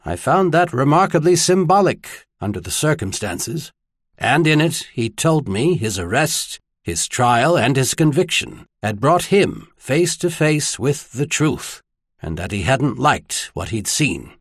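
A man's voice: mid-range voice, a little slow, slightly rough, dry recording, clean studio sound, exaggerated voice. A man voicing a grave, solemn cleric. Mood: quiet. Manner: flat, controlled, quietly intense. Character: grave middle-aged male cleric, measured and solemn.

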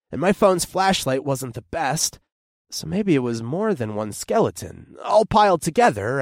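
Young man, horror audiobook narrator, expressive, animated pitch, dry close mic. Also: dry recording. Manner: expressive storytelling with tense outbursts.

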